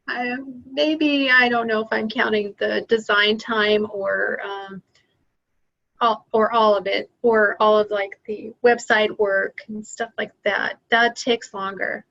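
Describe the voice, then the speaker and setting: A woman's voice: mid-range voice, fairly even intonation, slow, vocal fry, a bit bright, muffled recording. Woman thinking aloud about her craft business. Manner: thinks aloud, hesitant with ums. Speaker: craft seller being coached. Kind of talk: casual conversation.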